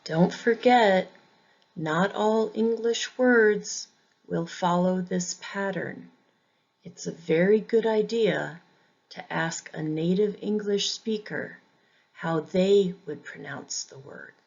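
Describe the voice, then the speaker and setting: A woman teaching English pronunciation in a scripted lesson, saying each example word twice in a deliberate way. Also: medium pitch, creaky, a little mellow, dull audio.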